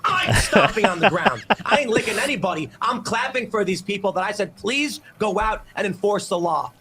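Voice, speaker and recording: A man ranting in a heated, excited way in a played clip. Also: normal speed, slight background noise. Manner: shouting, excited, high-strung.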